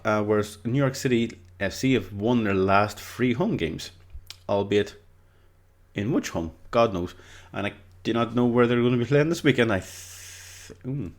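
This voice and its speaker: Rambling Irish man with a lowish voice. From Ireland. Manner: rambling and hesitant, with many fillers and restarts. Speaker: football predictions host. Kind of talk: casual solo commentary.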